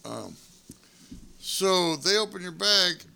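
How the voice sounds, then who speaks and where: Middle-aged guy with a gravelly bright voice swearing through an old road story, bit of hiss behind. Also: high-pitched, takes it slowly. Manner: profane, animated storyteller acting out quotes. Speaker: former wrestler telling road stories. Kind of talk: casual storytelling.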